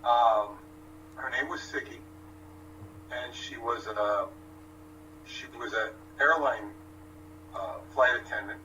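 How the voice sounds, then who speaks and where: A man co-hosting a livestream, telling a story in a halting, hesitant way. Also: mid-range voice, pushed and bright, highs cut off. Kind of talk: casual storytelling. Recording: distant mic with noise and hum.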